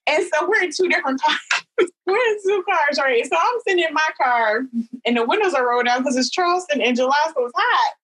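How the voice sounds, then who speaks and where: A woman in her thirties telling a personal story as a podcast guest, animated, with high leaps when she quotes people. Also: a little fast, rough recording. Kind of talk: storytelling in casual chat.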